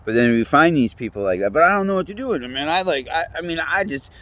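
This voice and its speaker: A man's voice: a little high, lively intonation, fast, fairly bright tone. A man rambling in a casual monologue, swearing constantly, chuckling mid-sentence and restarting his words.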